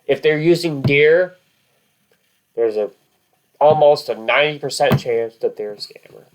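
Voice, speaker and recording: Man, casual vlog talk, rambling, many fillers and restarts, mid-pitched. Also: a little slow. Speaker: vlog host.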